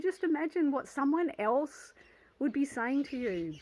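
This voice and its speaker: A woman's voice: sits high, animated, moderate pace, poor audio. A woman, hosting her own channel and talking earnestly about self-worth in a casual vlog, often restarting her sentences. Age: 50s. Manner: earnest and heartfelt, with frequent restarts and soft laughs. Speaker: channel host. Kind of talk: casual motivational vlog monologue.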